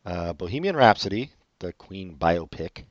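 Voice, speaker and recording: A man co-hosting a casual podcast chat, sarcastic and teasing, often trailing off quietly. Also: deep voice, sing-song, measured pace, dry recording. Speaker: podcast co-host. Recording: dull lo-fi audio.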